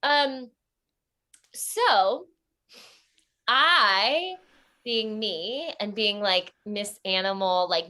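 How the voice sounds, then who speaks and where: A young woman telling a comic story in casual talk, animated and acting out quoted voices. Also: very slow, long pauses. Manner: animated, acts out quoted voices with sudden high squeals. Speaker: storytelling guest.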